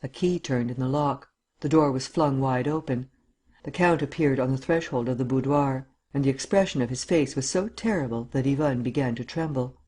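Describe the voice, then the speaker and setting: A male audiobook narrator who reads a classic adventure novel in a steady, measured way. He has a middle-pitched voice and lifts the characters' lines into small acted moments. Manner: measured storytelling, acting out the dialogue.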